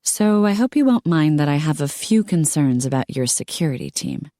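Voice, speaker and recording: A woman's voice: deep voice, animated, moderate pace, warm tone, no echo, clean studio sound. A woman voicing a spirited young woman with a wry, sarcastic manner.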